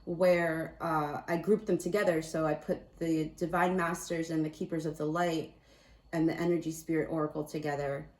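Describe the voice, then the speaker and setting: A woman's voice: low voice, little pitch movement, normal speed, darkish tone. A woman casually doing a spiritual card reading, talking in a meandering, chatty, self-amused way. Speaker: tarot and oracle card reader. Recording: roomy echo, distant mic.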